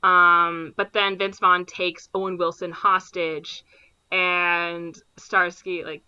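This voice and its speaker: A woman co-hosting a podcast, casually retelling a movie plot with lots of fillers and quick impressions of the characters. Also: lowish voice, clear, resonant tone, lo-fi sound. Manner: animated retelling with frequent fillers and quoted impressions. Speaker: podcast co-host.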